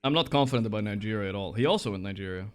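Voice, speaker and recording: A man's voice: fairly low pitch, racing, clean tone, dry recording. A man streaming a guessing game, talking casually to his chat, swearing and muttering to himself as he plays. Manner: muttering, profane, talking to chat while playing. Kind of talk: casual live-stream commentary.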